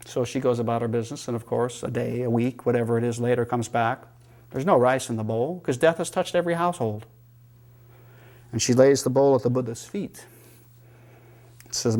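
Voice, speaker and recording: A man teaching yoga philosophy in a calm, reflective manner and telling teaching stories. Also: mid-range voice, moderate pace. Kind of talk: spiritual lecture.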